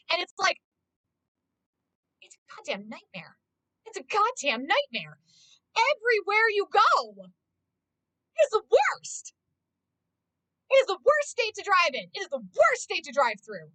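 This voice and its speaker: A woman with a high, bright voice rants to her stream in casual chat. She swears freely and sounds exasperated. The recording is close and dry, with no room sound. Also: very animated, moderate pace, no room sound, low-quality recording. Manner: swears constantly, ranting and exasperated.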